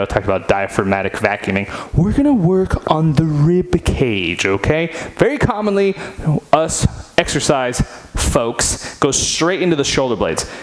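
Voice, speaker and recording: A man's voice: medium pitch, low-quality recording. A man instructing a guided seated stretching workout, upbeat and chatty, counting reps aloud in a home studio. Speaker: fitness instructor.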